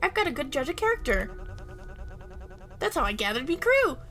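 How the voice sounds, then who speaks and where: A bright, high-pitched little pirate captain, cocky and full of sailor slang, as a woman streamer puts him on. He talks big for a kid, from a story-driven video game. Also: very animated, normal speed, soft background music, heavily acted. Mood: boastful. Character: cheeky young pirate boy captain.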